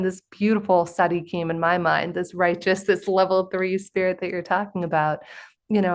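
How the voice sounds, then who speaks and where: Woman host telling a lively story. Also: fairly low pitch. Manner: animated storytelling with quoted voices. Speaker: podcast host. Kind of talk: conversational interview.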